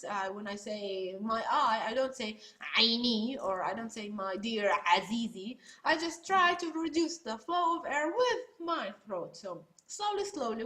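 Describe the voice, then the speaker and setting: A woman gives a pronunciation lesson, taking her time and patiently demonstrating each sound with a bright, sharp tone. Her voice sits a little high, and she laughs at herself now and then. The room around her is noticeably echoey. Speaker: Arabic pronunciation teacher.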